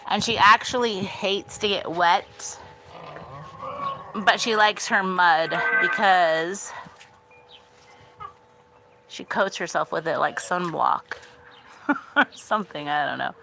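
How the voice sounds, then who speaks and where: Slow-talking, bright-voiced young woman outdoors. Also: lowish voice, gravelly, faint music behind. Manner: rambling, filler-heavy, chatting to her animals. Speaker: vlogger giving a backyard tour. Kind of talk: casual livestream chat. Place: outdoor backyard in the desert.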